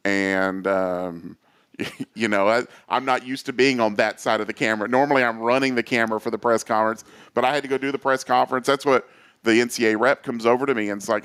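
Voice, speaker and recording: A man, a guest on a talk show, telling lively stories with many quoted voices and fillers. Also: medium pitch, fast talker, smooth. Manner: animated storyteller, acts out quoted voices. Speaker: associate athletic director, guest. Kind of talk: casual storytelling interview.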